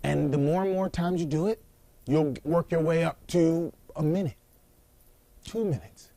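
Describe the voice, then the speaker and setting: A man's voice: fairly high pitch, unhurried, gravelly, warm tone, dry recording. A middle-aged man coaching viewers through a breathing exercise while seated on the floor, acting out worried clients and counting the breaths aloud. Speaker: anxiety and body coach. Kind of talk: instructional video talk.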